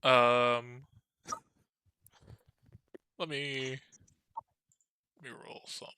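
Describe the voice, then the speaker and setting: Male game master, unhurried, halting, bright, clear tone. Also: medium pitch, level tone, a little hiss or hum. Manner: halting, with many fillers and restarts. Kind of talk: narrating a tabletop game.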